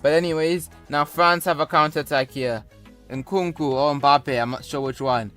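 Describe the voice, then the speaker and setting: A man's voice: fairly high pitch, normal speed, sharp tone, soft background music. A young man commentating a football video game, mixing sports-caster calls with rambling jokey asides. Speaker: gaming YouTuber. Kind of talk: casual gameplay commentary.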